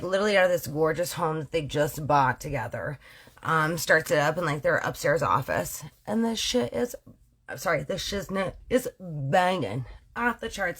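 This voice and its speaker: A woman's voice: fairly low pitch, a bit bright. A woman from Canada hosting casual true-crime storytelling, slangy and playful, often correcting herself. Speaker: storyteller host.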